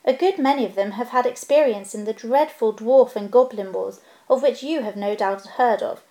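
A woman voicing a small, earnest male hobbit who talks with prim, businesslike courtesy and a slight squeak. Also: normal speed, mellow, natural voice. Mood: polite, earnest. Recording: roomy echo.

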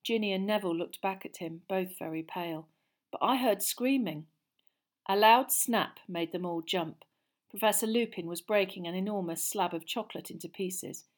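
A woman reads a story aloud as audiobook narration. Her delivery is expressive and dramatic, with a voice of middling pitch for a woman. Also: moderate pace. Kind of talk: scripted narration.

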